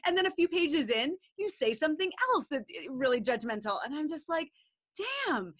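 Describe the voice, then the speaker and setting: Woman podcast host, enthusiastic, casual, fairly high voice. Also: lively intonation, a little fast, fairly bright tone. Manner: enthusiastic, praising, casual swearing. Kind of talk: interview chat.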